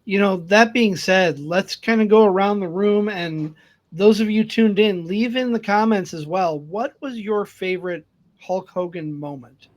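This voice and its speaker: A man's voice: high-pitched, a little slow. A man co-hosting a podcast in casual chat, inviting the others and the listeners to join in. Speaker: co-host.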